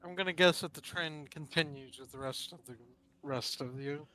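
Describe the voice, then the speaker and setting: A man's voice: fairly high pitch, moderate pace, bright, forceful tone. A man playing a tabletop game, talking in character in a wry, dry way. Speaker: player.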